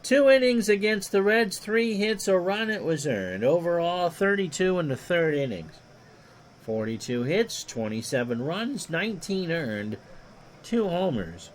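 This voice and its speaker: A man with a high, unhurried voice calls play-by-play on a replayed baseball game over slight background noise. He reads stats in a steady run and jokes with chat between plays.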